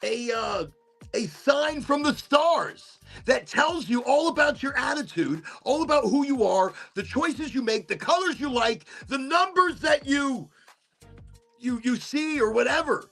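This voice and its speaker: Guy hosting a podcast, gravelly and kinda raspy, swings his pitch all over while he muses. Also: animated, unhurried, fairly bright tone, faint music behind. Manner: rambling, musing, casual swearing. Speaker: podcast host. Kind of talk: casual reflective monologue.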